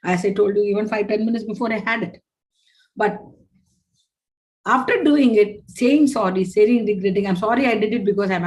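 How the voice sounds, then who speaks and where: A woman's voice: medium pitch, rough recording. A woman giving a parenting workshop, emphatic and repetitive, often acting out scolding parents. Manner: animated, acts out scolding parents in quick asides.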